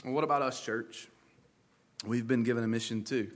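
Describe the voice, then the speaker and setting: A man's voice: medium pitch, steady tone, normal speed. A man preaching a sermon to his church, speaking conversationally with folksy asides and playful paraphrases. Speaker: pastor.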